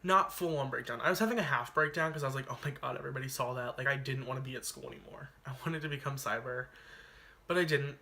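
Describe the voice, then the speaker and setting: A man's voice: mid-range voice, fast talker, creaky, pushed and bright. A man telling a personal story on his vlog in a chatty, dramatic way, full of "like" and asides. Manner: chatty, dramatic retelling peppered with "like". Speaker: YouTuber.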